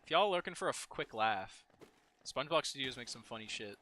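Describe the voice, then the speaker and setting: A man's voice: medium pitch, lively intonation, fairly quick, pushed and bright. A young man sick with a strained voice, casually commentating a game stream, rambling, giggling and swearing freely. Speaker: gaming streamer. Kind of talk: casual let's play commentary.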